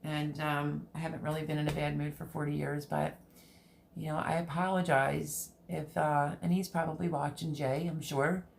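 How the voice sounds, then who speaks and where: A middle-aged woman hosting a gardening channel, chatting candidly and emotionally with her viewers, rambling with many pauses. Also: deep voice, level tone, vocal fry, slight background noise. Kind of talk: personal vlog chat with live viewers.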